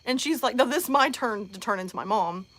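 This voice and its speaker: A mother hosting a live show, telling a comic story in a lively, chatty way with lots of fillers. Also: fairly high pitch, fast talker. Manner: animated, many "like" fillers, acts out voices.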